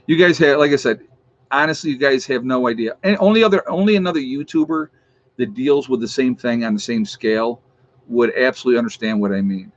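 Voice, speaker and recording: The audio is dull as a YouTube channel host from New York State chats in a mid-range voice during his livestream. He casually and amusedly reads out viewers' locations and teases the trolls.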